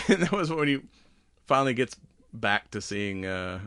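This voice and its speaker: A man's voice: medium pitch, big pitch swings, normal speed, fairly bright tone, smooth, no echo, studio quality. A man in his forties co-hosting a podcast in casual chat, laughing often and acting out movie lines in silly voices. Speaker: podcast co-host.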